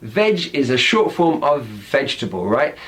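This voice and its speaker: A man's voice: medium pitch, sing-song, measured pace, crowd noise. A British man with a British accent, teaching slang words in an upbeat, explanatory way and often checking in with "right?". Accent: British English. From Britain.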